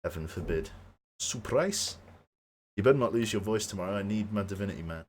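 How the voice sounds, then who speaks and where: Speaking briskly and with animation in a lowish voice, a Birmingham-born game streamer chats casually at the end of his stream over slight background noise. His Brummie-accented voice sounds worn and strained, near giving out, as he rambles, cuts himself off and keeps chuckling.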